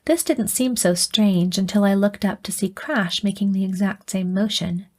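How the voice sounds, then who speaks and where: Brief: woman audiobook narrator, first person, measured, middle pitch. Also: steady tone, a little mellow.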